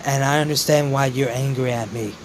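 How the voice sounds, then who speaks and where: A man voicing a gentle, regretful late father who speaks low and solemnly to his son in a fan-made story. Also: fairly even intonation, a little fast, noisy background, lightly acted.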